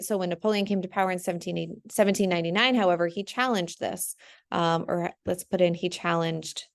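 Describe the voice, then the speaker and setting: A young woman teacher talking through an essay outline on screen, chatty and full of ums and "right?". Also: on the low side. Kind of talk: casual screen-share lesson.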